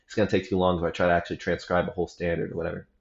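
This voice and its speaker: A young man with a very low voice talks through his practice in a loose, rambling way, slangy and self-correcting. The sound is roomy and a little dull, like a home room recorded without much care. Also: level tone, racing, vocal fry. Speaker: practice vlogger. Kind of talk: casual practice report.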